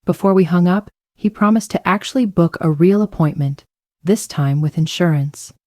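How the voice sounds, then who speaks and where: Low mellow woman narrating a story. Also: normal speed, no echo, clean studio sound. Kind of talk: first-person story narration.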